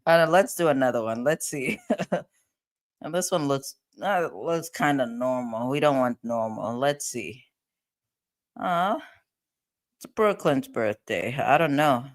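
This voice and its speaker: A woman's voice: a bass voice, expressive, a little slow, pauses often. Chatty woman livestream host. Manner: chatty, laughing often, talking to chat. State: tired voice. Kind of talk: casual chat with viewers.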